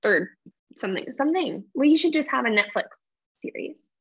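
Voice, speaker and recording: A tired young woman chatting casually as host, quick and self-deprecating. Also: high-pitched, expressive, husky. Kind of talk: casual live chat. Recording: dull lo-fi live stream.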